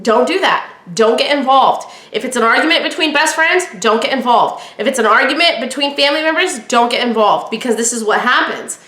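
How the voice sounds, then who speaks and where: A woman's voice: on the high side, animated, brisk, few pauses, pushed and bright, reverberant. A woman hosting a podcast, talking casually and with strong opinions, acting out bits of past conversations. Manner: chatty, opinionated, acts out quoted dialogue. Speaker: podcast host. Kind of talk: casual solo podcast talk.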